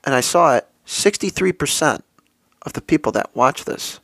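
A man's voice: fairly high pitch, lively intonation, normal speed, gravelly, a bit bright, no echo, studio quality. A young man hosting a solo podcast, telling a story in a loose, profane, filler-heavy way. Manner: casual and profane, with many fillers and quoted asides. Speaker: podcast host.

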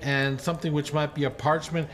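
A man's voice: on the high side, flat delivery, brisk. A man narrating a tabletop game as game master, loose and hesitant with many fillers.

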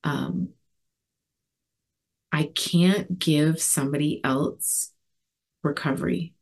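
Woman, recovery share, earnest, reflective, halting delivery, lots of fillers. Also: low-pitched, gravelly, a little mellow, breathy edge. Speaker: recovery community speaker.

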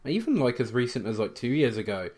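This man's mid-range voice has a darkish tone and a sing-song lilt, moving at a quick pace. As a podcast co-host he tells meandering stories in relaxed conversation, with plenty of fillers and false starts.

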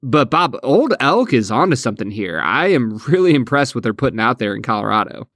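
A man's voice: medium pitch, very animated, a little fast, fairly bright tone, no echo, studio quality. A man co-hosting a podcast, talking earnestly and restarting his sentences. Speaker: podcast co-host. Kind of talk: casual chat.

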